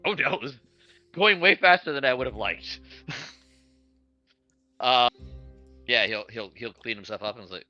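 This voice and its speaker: Bright, lively male player, hesitant, muffled lo-fi mic. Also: fairly low pitch, unhurried, soft background music. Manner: hesitant, lots of ums. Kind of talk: casual tabletop play.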